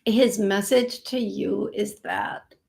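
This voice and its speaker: A woman hosting a live psychic reading, speaking in a halting way, repeating words and thinking aloud, soft-spoken and emotional. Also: mid-range voice, fairly even intonation, vocal fry. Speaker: psychic medium host.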